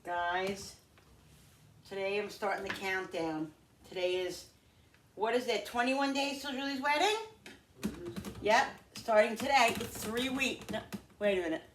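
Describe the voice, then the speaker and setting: A woman's voice: mid-range voice, unhurried, pauses often. A middle-aged woman chatting casually to her viewers while cooking at home, thinking aloud and calling them guys. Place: home kitchen. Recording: echoey, distant, noisy kitchen.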